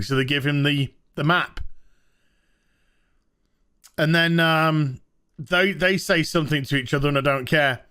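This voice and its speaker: A man's voice: on the high side, normal speed, pauses often, pushed and bright. A man giving a sarcastic, swearing recap of a TV episode he dislikes, scornful and casual. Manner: swears freely. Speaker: TV show reviewer.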